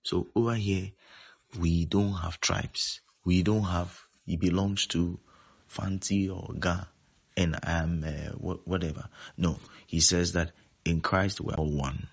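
Deep gravelly-voiced pastor preaching. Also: male voice, steady tone, slow. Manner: repeats himself, keeps asking if listeners follow. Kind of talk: sermon. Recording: dull lo-fi sound.

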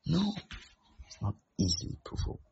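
A man preaching a sermon who acts out the voices of the people in his stories and swings between loud and soft delivery. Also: moderate pace, a little hiss or hum. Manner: acts out quoted voices, shifting loudness. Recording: dull lo-fi recording.

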